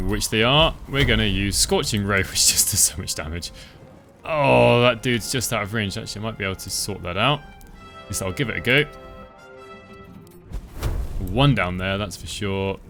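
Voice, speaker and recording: A man giving relaxed, chatty commentary over his own gameplay, thinking aloud as he plays. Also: on the low side, moderate pace, long pauses, faint music behind. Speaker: gaming channel host.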